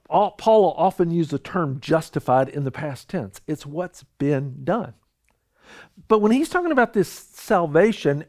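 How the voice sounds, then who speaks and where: A man delivers a sermon in an earnest, conversational manner, often doubling words as he goes. His voice sits high and swings widely in pitch. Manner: earnest, conversational preaching with frequent repeated words. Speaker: pastor.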